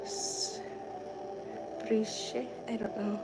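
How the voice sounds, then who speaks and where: Young woman chatting on her livestream in the kitchen, kinda high voice, laughs a lot, music going behind her. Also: very animated, very slow, low-quality recording. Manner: chatty, giggly, reads and answers viewer comments. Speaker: livestream host. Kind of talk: casual livestream chat. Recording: clear music in the background. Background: music playing.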